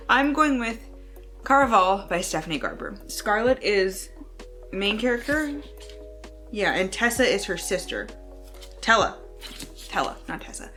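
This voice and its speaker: A young woman chatting casually at home about books, excitable and swearing freely, turning now and then to talk to her baby. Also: mid-range voice, moderate pace, soft background music. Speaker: book vlogger. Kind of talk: casual chat.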